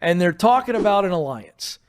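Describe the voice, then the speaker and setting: A male radio host with a fairly high voice, bantering with his co-host in an easy, joking way. He talks conversationally and keeps the tone light. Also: lively intonation, a little fast, clean tone.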